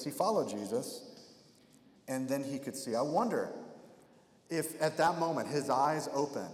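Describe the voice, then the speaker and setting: A man's voice: mid-range voice, darkish tone. A man preaching a sermon in a conversational way, acting out the voices of people in the story. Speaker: pastor. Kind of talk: expository sermon. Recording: echoey hall with long reverb.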